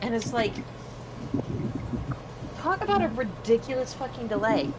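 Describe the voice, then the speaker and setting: A woman's voice: fairly high pitch, a little slow, heavy background noise. A woman streaming as she draws, telling stories in a casual chat and acting out other people's voices. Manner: animated storyteller, acts out voices, swears casually. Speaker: art streamer.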